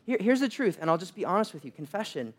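Joking high-voiced young preacher. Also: male voice, sing-song, fast. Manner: humorous, self-deprecating storytelling. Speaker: pastor. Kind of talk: sermon.

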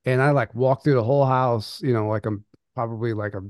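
A young adult man and podcast co-host telling a personal story in casual chat, halting with restarts and nervous laughs. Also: mid-range voice, steady tone, a little mellow, no room sound, clean studio sound.

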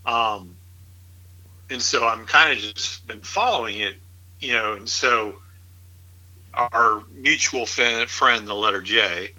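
Man, middle-aged, husky, very bright tone, rambling casual chat, incredulous. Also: mid-range voice, slow, pauses often, rough recording. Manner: rambling, incredulous, laughs often.

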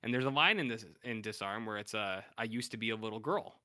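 A man's voice: on the low side, quick pace, pushed and bright, no room sound, studio quality. A man co-hosting a podcast in casual chat, animatedly retelling episodes and acting out what characters say. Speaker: podcast co-host.

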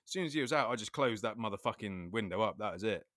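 A man's voice: on the low side, expressive, quick pace, fairly bright tone. A man tells a story in a loose, casual podcast chat. He laughs often and swears in nearly every line. The recording is dry, with no room echo. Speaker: podcast co-host.

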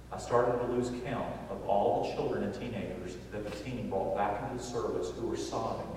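A man preaching a sermon as a pastor, telling stories with animated, emphatic delivery. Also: lowish voice, a little hiss or hum. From Southern United States. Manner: animated storytelling, builds to loud emphatic points. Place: large church sanctuary. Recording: echoey church hall from far off.

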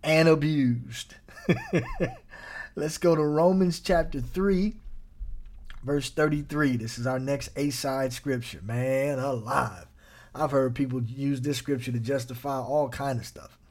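A man pastor preaching a sermon in a lively, playful way, breaking into chuckles and quick asides. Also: mid-range voice.

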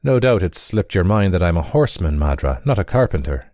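A man's voice: deep voice, sing-song, brisk, darkish tone, dry recording, studio quality. Man voicing a proud young horseman. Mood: earnest.

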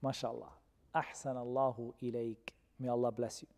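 A man teaching a Quran commentary class, who questions his students and repeats key terms slowly. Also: mid-range voice, level tone, a little mellow. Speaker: religious teacher. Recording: long reverb of a hall.

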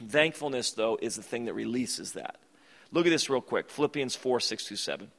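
A pastor preaching a conversational, emphatic sermon that repeats its key phrases. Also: male voice, medium pitch, animated, moderate pace, creaky, fairly bright tone. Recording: long reverb of a large hall.

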